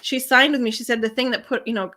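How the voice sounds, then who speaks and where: Woman guest on a chat, business coach, candid and lively, acts out the quotes. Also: fairly high pitch, quick pace. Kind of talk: casual interview storytelling.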